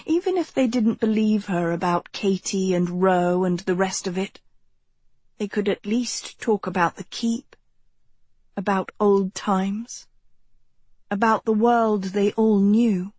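Woman, audiobook narrator, slow measured reading, soft breathy tone, dry close recording. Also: medium pitch, no echo. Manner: slow, gentle, measured storytelling. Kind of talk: scripted narration.

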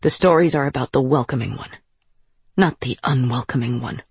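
A storyteller voicing a fierce, stern woman leading a caravan, speaking low and firm in a breathy voice. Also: normal speed, darkish tone, dry recording, heavily acted.

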